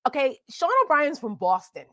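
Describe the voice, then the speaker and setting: A woman with a New Jersey accent, hosting a casual political chat, telling stories in an animated, indignant way. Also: sits high, normal speed, no echo, studio quality. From US East Coast. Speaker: host.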